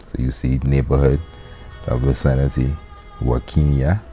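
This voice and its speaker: A man's voice: very deep voice, little pitch movement, moderate pace, warm tone, soft background music. A man teaching a casual language lesson, explaining loosely with fillers and restarts. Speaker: Latin teacher.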